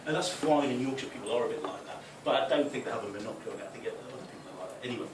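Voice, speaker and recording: A young man from the North East of England with a softened Geordie accent, doing a chatty stand-up routine. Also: medium pitch, rapid-fire. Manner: chatty, with tag questions; loud put-on voices for punchlines. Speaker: stand-up comic. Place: club function room. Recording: echoey room, distant, noisy.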